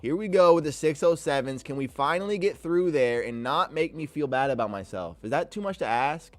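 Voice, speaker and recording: A man's voice: fairly high pitch, expressive, a little fast, no echo, soft background music. Exasperated man pleading with the market. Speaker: live-streaming day trader. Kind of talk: live-stream commentary, reading chat.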